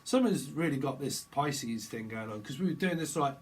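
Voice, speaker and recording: A man's voice: medium pitch, lively intonation, normal speed. A man giving a rambling, jokey tarot reading, free-associating and jumping into playful put-on voices. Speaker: tarot reader.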